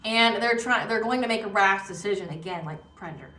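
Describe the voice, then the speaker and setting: A woman's voice: mid-range voice, fairly quick, sharp tone, recorded from a distance, soft background music. A woman giving a casual tarot reading, rambling and emphatic, repeating words with many fillers. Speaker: tarot reader. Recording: echoey room, voice off-mic.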